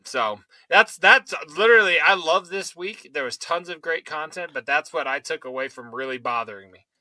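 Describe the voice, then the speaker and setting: A man's voice: on the high side, expressive, moderate pace, bright, forceful tone, no echo, rough recording. A man co-hosting a podcast in casual chat, incredulous and swearing freely. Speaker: podcast co-host.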